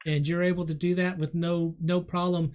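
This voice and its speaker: A woman narrating a tabletop game as game master, playful and quick to laugh. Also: fairly low pitch, level tone, a little mellow.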